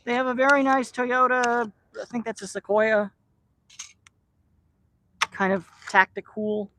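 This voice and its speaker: A man's voice: very high voice, fairly even intonation, measured pace, sharp tone, dry recording. A man vlogging outdoors while feeding rescued street cats, rambling affectionately and teasing the cats by name. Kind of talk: casual chat to camera and to cats. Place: outdoors by a shipping container.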